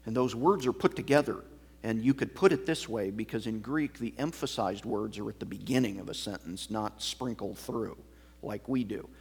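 A man preaching an expository sermon as pastor, explaining a passage line by line in a measured teaching manner. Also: on the low side, breathy edge.

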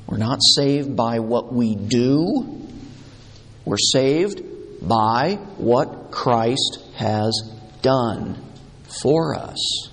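Male pastor, mid-pitched, unhurried, emphatic delivery, echoing hall. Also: husky. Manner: deliberate, emphatic, repeating key words. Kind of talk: sermon. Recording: long hall reverb.

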